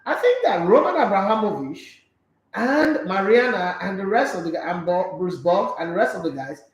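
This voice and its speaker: High-voiced Nigerian man, playful host. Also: animated, moderate pace. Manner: playful, jokey, talkative. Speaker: sports show host. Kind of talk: casual live-stream chat reading viewer comments. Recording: echoey room sound.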